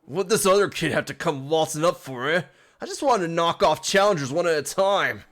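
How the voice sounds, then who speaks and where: A man voicing a brash, mocking male street-gang thug in a put-on rough British accent. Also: a little high, animated, fairly quick, a bit bright, voice pushed up. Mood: taunting. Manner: taunting, swaggering.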